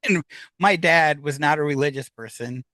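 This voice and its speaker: A man's voice: fairly high pitch, moderate pace, dry recording. Guy telling a long story on a talk show, does the voices, dead dry mic. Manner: animated storyteller acting out quoted voices. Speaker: guest. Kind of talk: casual storytelling.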